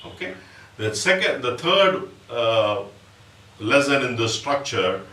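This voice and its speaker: A man with an Indian English accent teaching percussion, explaining step by step and reciting drum syllables slowly. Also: mid-range voice, sing-song, pushed and bright. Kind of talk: music lesson with spoken rhythm syllables. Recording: roomy, distant mic, audible background noise.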